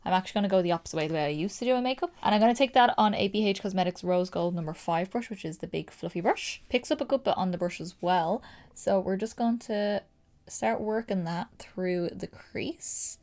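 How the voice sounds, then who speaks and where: A young woman with a Dublin accent, chatting excitedly through a casual makeup tutorial with lots of fillers. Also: mid-range voice, a little fast. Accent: Dublin Irish. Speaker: makeup creator.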